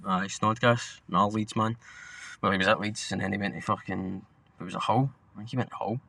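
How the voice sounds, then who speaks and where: A man's voice: fairly low pitch, steady tone, a little fast, vocal fry, pushed and bright, no echo. A young Scottish man co-hosting a podcast, chatting casually about football in a blunt, sweary, rambling way. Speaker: podcast co-host.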